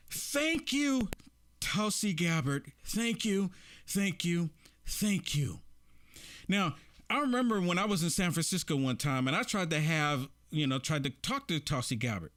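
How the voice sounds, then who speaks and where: A man hosting casual political commentary, animated, repeating himself and laughing often. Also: sits high.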